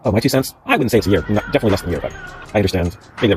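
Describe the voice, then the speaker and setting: A man's voice: on the low side, lively intonation, rapid-fire, faint music behind. A man hosting his own channel, reading out comment screenshots aloud and breaking in with rambling, sarcastic asides. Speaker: channel host.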